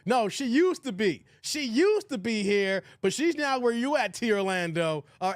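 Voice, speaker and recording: A man hosting a casual reaction livestream, animated and exclamatory, talking straight to his chat. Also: very high voice, moderate pace, hardly any pauses, dry recording, clean studio sound.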